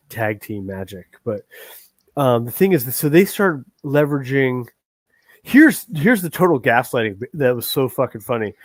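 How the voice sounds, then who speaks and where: A male livestream host rants in a heated, rambling way, cursing freely. His voice sits at an ordinary pitch and sounds close and dry, with no room echo. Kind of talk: ranting livestream chat.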